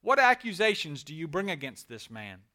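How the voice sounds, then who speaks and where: Man reading a Roman governor: pressing questions, forceful and bright. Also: a little high, big pitch swings, normal speed. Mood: questioning.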